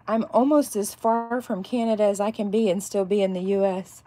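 A woman in her thirties from north central Texas, with a softened Texas accent, chatting casually with viewers while she works on epoxy cups. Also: medium pitch, normal speed. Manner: chatty, rambling, reacts to chat comments. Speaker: crafter making epoxy cups. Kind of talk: casual chat while crafting.

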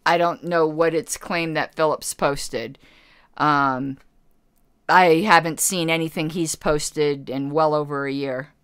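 A woman's voice: sits low, a bit bright, smooth, dry recording, studio quality. Chatty woman answering a livestream chat. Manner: chatty, rambling self-corrections, blunt asides. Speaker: party committee member hosting a livestream. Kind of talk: casual livestream Q&A, reading chat.

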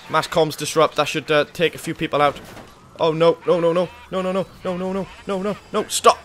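A man's voice: on the high side, sharp tone, a little hiss or hum. A man giving live, panicky commentary on his own gameplay, swearing and talking to himself. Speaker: gaming YouTuber.

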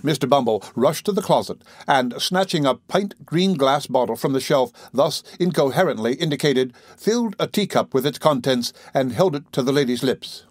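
A man reading a classic novel aloud as an audiobook narrator, in a measured, theatrical way. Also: mid-range voice, lively intonation, no room sound. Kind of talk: scripted narration.

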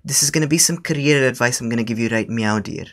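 This scambaiter talks fast in a mid-range, fairly bright voice, lightly acting out a fussy old grandmother on a prank call. She scolds and wanders off topic, saying "dear" constantly.

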